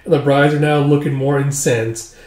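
A man casually recapping a story, stringing scenes together with "it's like" and quick acted-out quotes. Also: medium pitch, fairly even intonation, a little mellow. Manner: acts out each character with "it's like". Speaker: manga reviewer. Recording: echoey room.

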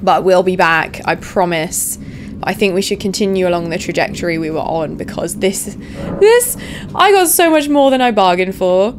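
A young woman playing a video game, chatting casually to viewers and getting excited and swearing as she explores. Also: fairly low pitch, normal speed. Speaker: let's play host. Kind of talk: casual gameplay commentary. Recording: background noise under voice.

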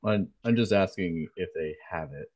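A man thinks aloud as a player in a tabletop game, hesitant and casual. His voice is very deep, and the dull, lo-fi voice chat takes the sparkle off it. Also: moderate pace, darkish tone.

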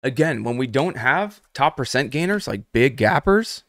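A man's voice: mid-range voice, expressive, normal speed, fairly bright tone, no room sound, clean studio sound. A young adult man hosting a live trading stream. He talks casually and speaks straight to his viewers in the chat. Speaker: host.

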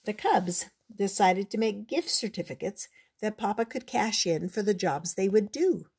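An older woman gently reading a children's storybook aloud in a measured, unhurried way. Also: medium pitch, animated, creaky, husky.

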